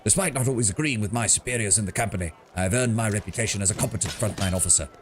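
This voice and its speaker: A man's voice: fairly low pitch, racing, background noise, close to an everyday voice. A man voicing a pompous, chatty male mercenary captain in a put-on British accent, reading game dialogue aloud. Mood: proud. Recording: music playing behind.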